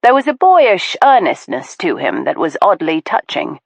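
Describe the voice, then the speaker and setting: Lady reading an audiobook, lowish voice, super lively delivery, dry close sound. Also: vocal fry, dry recording. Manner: measured, expressive storytelling. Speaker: audiobook narrator. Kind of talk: first-person novel narration.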